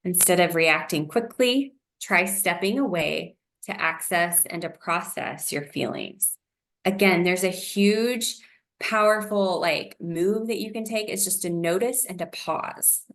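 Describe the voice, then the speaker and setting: Woman, lower voice, encouraging wellness lesson presenter, gentle delivery. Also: unhurried. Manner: gentle, encouraging, uses fillers like um.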